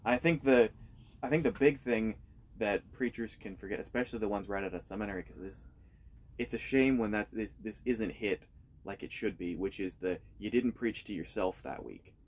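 A man in casual conversation, talking in a reflective, steady way and often murmuring agreement. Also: fairly low pitch, normal speed. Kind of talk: casual chat.

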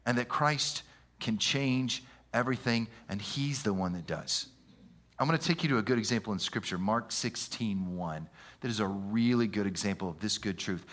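A man preaching a sermon in an animated, conversational way, using slang and often stumbling over repeated words. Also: fairly low pitch. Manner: animated, conversational, with slang and frequent stammered restarts.

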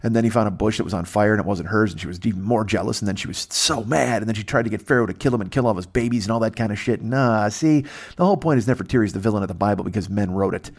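Speaking very fast in a fairly low voice, a podcast host spins a profane, meandering comedy story that won't stay on track. He's working from a temporary spot away from home.

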